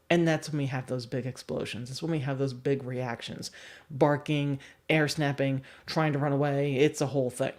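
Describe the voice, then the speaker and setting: A young adult woman and dog trainer giving a livestream lesson, animated and acting out examples. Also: extremely low pitch, normal speed. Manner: animated, acts out examples with voices.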